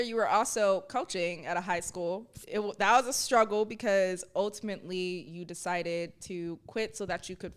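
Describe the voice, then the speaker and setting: A woman's voice: on the low side, clean tone. A woman interviewer in casual chat, asking teasing, upbeat questions.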